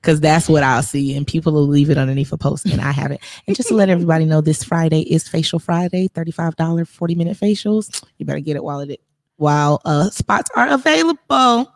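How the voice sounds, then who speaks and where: A woman's voice: sits low, quick pace, no room sound, studio quality. A woman, a spa owner and esthetician, chatting casually as a guest and laughing often. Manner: laughs often, relaxed and encouraging. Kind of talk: casual interview chat.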